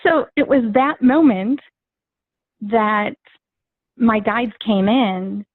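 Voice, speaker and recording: A woman's voice: fairly high pitch, very slow, no echo. A woman guest telling a personal story in casual chat, rambling and acting out the dialogue she quotes. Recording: tinny phone-like dry sound.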